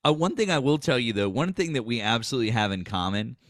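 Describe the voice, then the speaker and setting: A man's voice: mid-range voice, very animated, quick pace, fairly bright tone, no room sound, clean studio sound. A man with a Boston accent hosting a political livestream in casual chat. He swears freely, laughs often and acts out people he mocks in a raised voice.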